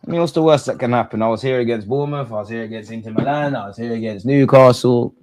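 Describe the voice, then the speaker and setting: A young man hosting a football watch-along, reacting live, shouting at players and the referee in heavy slang. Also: medium pitch, quick pace. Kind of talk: live match reaction commentary.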